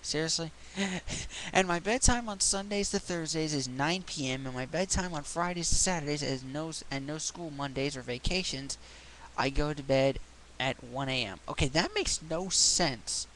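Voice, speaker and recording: A man rants into his camera with a mocking, exasperated edge and plenty of swearing. His voice sits a little on the high side. A faint hiss runs under the recording. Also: normal speed, fairly bright tone, rough recording. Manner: sarcastic, exasperated; profane, mocking. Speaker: video blogger. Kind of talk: ranting vlog.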